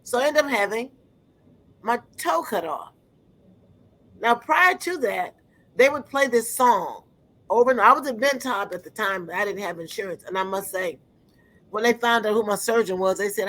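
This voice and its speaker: A woman giving an earnest personal testimony, often pausing to search for words. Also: medium pitch, expressive, a bit bright, low-quality recording.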